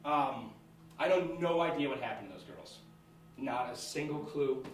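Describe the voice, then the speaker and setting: A young American man telling a personal story on stage, animated and laughing as he goes. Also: mid-range voice, normal speed, slight background noise. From United States. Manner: animated, laughing between lines. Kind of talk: live storytelling. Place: small theatre with live audience. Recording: echoey room, far from mic, audience.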